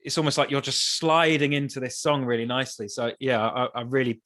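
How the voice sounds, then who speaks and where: A man, a songwriter guest on a podcast, talking in a thoughtful, hesitant way with many restarts, his voice still a bit rough from the early morning. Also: medium pitch, a little fast, a bit bright. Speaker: musician guest. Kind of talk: casual interview chat.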